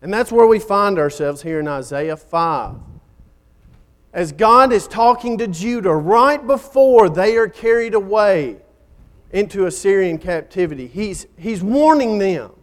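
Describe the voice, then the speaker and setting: Slow, dramatic high-voiced male preacher. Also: animated. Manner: dramatic preaching, swells then drops to near-whisper at phrase ends. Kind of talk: sermon.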